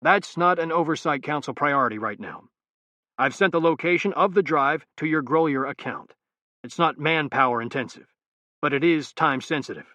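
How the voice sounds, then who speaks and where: A man voicing a gruff male military commander who gives clipped, urgent orders. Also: fairly high pitch, normal speed, bright, forceful tone, dry recording, voice pushed up.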